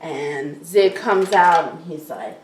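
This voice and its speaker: Low-voiced woman heard from across a room. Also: takes it slowly. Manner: rambling, restarting sentences while describing scenes. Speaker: podcast co-host. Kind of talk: casual episode recap chat. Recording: distant mic in an echoey, noisy room.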